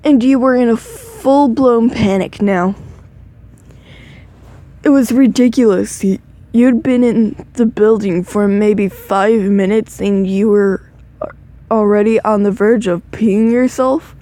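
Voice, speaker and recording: A sleepy, yawning woman reads second-person fan fiction aloud into a phone microphone, slowly and without hurry. Her mid-range voice is mellow, soft-edged, and steady in tone. Now and then she trips over words and breaks off to remark on the text.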